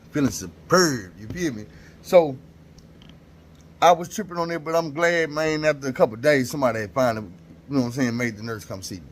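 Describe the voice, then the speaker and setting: A man telling a personal story in a casual, animated monologue full of slang and repetition. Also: a little high, slight background noise.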